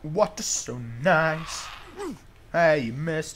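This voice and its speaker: A young man commentating a zombie game as he plays, joking around, humming along and yelling in panic when attacked. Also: fairly high pitch, animated, measured pace. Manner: jokey, shouts and yelps in panic, hums along. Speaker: gamer. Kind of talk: let's play commentary.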